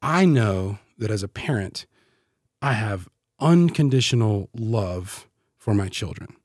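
Man, husky lowish voice, podcast guest, heartfelt, halting, repeats words, dry close sound. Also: animated, a little mellow, no echo. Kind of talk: casual podcast conversation.

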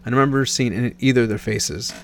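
Speaking rapid-fire in a gravelly, medium-pitched voice with a steady tone, this thirtysomething from Nebraska rambles through a casual personal tale. He keeps restarting and fixing himself mid-sentence, and there's a little hiss or hum.

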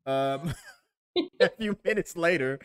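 A man with a slightly higher voice chats on a podcast over a video call. He rambles and restarts as he tells stories. He pokes fun at himself along the way. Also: animated, takes it slowly, a bit bright. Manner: rambling, self-deprecating storyteller with many restarts. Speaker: podcast co-host. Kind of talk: casual chat.

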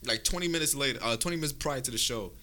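A man's voice: medium pitch, very fast, bright, forceful tone. A young man casually telling a long, profane story to friends, often checking in with "right?". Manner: rambling, profane, tags lines with "right?".

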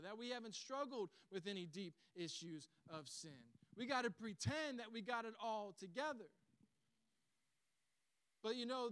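A man preaching a sermon as pastor. He tells the story in an animated way and chuckles often. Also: high voice, clear, resonant tone, no echo.

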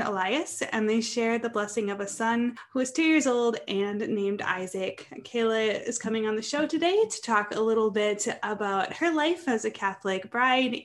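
A woman hosting her podcast, welcoming a guest in a friendly way. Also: on the high side. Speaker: podcast host. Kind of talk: podcast intro and interview.

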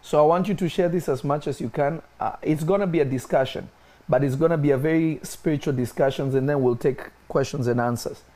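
A man's voice: brisk, warm tone. A man preaching in a spiritual discussion, emphatic and repeating his key points. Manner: emphatic, repeats key phrases, rises in pitch when stressing points.

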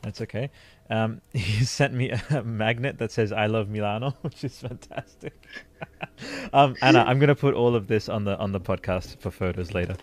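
A man from Italy hosting a podcast in casual chat, excitable and effusive, often laughing. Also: fairly low pitch, normal speed. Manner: excitable, effusive, bursts into laughter and loud exclamations. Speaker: podcast host.

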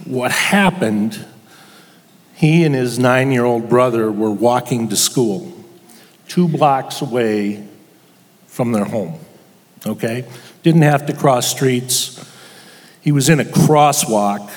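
An older man telling a personal story as a guest before an audience, halting with pauses and restarts. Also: on the low side, big-room sound. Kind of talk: personal testimony to a live audience.

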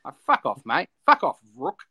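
A man's voice: on the high side, huge pitch swings, normal speed, sharp tone, husky. A man, co-hosting a casual podcast and ranting with heavy swearing. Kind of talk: casual chat.

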